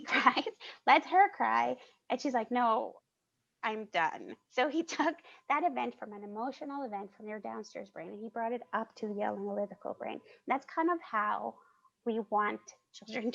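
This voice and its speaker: A woman who works as a children's museum consultant, explaining her work on a panel in an animated way and laughing as she talks, over a video call. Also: on the high side, normal speed, vocal fry. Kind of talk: presenting on a panel. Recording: muffled video call audio.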